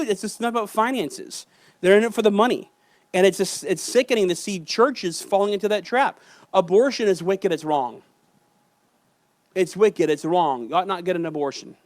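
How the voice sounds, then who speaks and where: A man preaching a sermon in a church with an Ohio accent, loud and emphatic with joking asides. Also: high voice, no room sound. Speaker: pastor. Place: church sanctuary.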